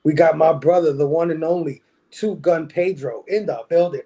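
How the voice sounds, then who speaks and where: A man's voice: a little high, normal speed, creaky, mellow, slightly rough. A man hosting a casual movie panel show, upbeat and laughing often as he greets guests and the chat. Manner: hype, friendly, laughs often. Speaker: podcast host.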